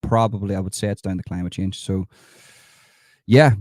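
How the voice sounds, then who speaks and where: A man riffs sarcastically over clips, praising what he mocks in a low voice. He leaps from calm asides to excitable outbursts. The sound is dry and close. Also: moderate pace, no room sound. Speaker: satirical commentator.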